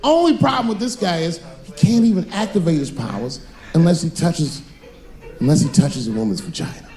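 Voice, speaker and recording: A man doing a stand-up comedy set on stage, telling stories with animated delivery and voices that jump high for the characters. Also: fairly quick. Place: comedy stage before a live audience.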